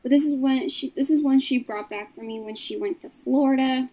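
Woman w a warm mellow voice showing her pin collection, plain and matter of fact. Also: high voice, brisk, low-quality recording. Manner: matter-of-fact, describing items one by one. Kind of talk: casual show-and-tell of a collection.

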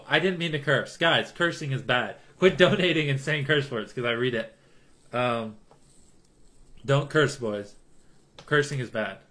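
A man's voice: mid-range voice, sharp tone. A young man livestreaming in casual, rambling chatter, joking and reading chat donations aloud. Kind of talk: casual live-stream chatter.

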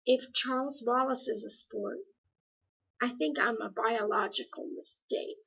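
A woman's voice: a little high, unhurried, gravelly, a bit bright, slightly rough, pitched above the performer's own voice, heavily acted. A woman voicing an unhappy teenage girl who speaks shakily, near tears, in a dull lo-fi recording. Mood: upset. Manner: shaky, close to tears. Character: miserable teenage girl, tearful and self-doubting.

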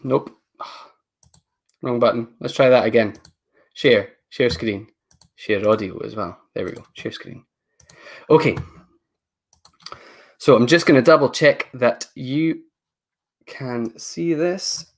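Guy walking folks through settings on a video call, chatty, kinda thinks out loud. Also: mid-range voice, slow, pauses often. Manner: casual, thinks aloud while clicking through settings. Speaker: education technology presenter. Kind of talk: live online training session.

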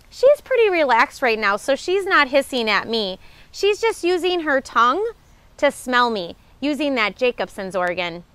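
A woman's voice: high-pitched, a bit bright, dry recording. A woman naturalist explaining animal facts to children in a friendly, patient way, asking them questions. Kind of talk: educational talk for children.

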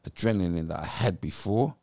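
Gravelly deep-voiced British man telling stories. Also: fairly quick, no echo, clean studio sound. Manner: animated storyteller acting out what people said. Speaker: guest, former footballer. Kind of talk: storytelling interview.

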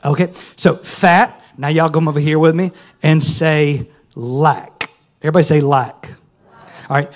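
A man preaching a sermon, folksy and calling on the congregation to answer. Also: a little high. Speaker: pastor. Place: church sanctuary.

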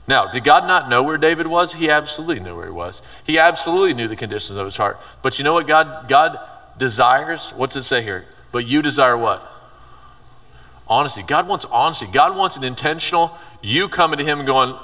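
Bright-voiced youth pastor in a big hall. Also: male voice, a little high, expressive, brisk, distant mic. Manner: conversational, reads scripture aloud and paraphrases it. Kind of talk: youth sermon. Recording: reverberant hall, voice from afar.

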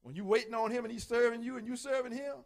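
A male pastor preaching a sermon, folksy and animated, acting out the voices he quotes. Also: very high voice, fast talker, creaky.

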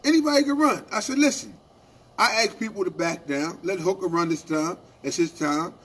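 A man co-hosting a union radio show, telling animated stories in casual talk and asking "right?" after his points. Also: on the high side, moderate pace, husky. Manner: animated storytelling, acting out quoted exchanges, repeated "right?".

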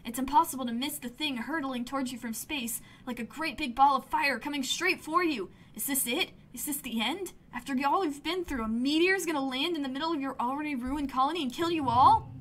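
A woman streamer reading a story game's text aloud and breaking in with lively exclamations. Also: high-pitched, a little fast, few pauses. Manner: lively, exclaims and swears at events.

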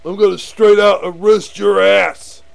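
A man playing a cop who shouts threats of arrest. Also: high-pitched, flat delivery, unhurried, vocal fry, heavily acted. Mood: threatening. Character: gruff threatening male cop making an arrest.

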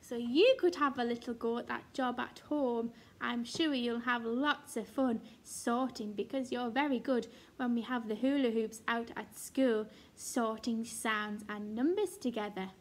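A woman's voice: fairly high pitch, measured pace, few pauses. A woman teacher giving a recorded phonics lesson to young children, sounding out letters and praising in a sing-song, encouraging way. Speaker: reception class teacher.

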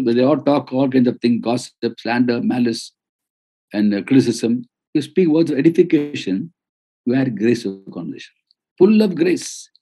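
A man's voice: mid-range voice, dark tone, slightly rough. A man teaching a Bible study as a sermon, stressing and repeating his key phrases.

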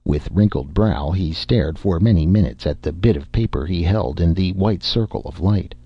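A man reading a science fiction story aloud in steady audiobook narration, with occasional stammers. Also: low-pitched, moderate pace, husky, no echo. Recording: dull lo-fi dry recording.

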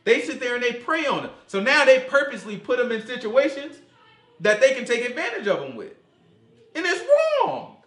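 A man preaching an informal sermon in slangy, animated talk, acting out voices as he goes. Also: very high-pitched, fairly quick. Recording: echoey room.

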